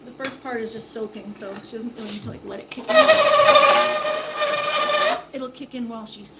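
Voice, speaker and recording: A woman's voice: a little high, steady tone, normal speed, heavy background noise. A woman chatting through caring for an injured bird, coaxing and soothing it as she goes. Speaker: animal caretaker. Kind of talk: casual vlog narration. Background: dog barking.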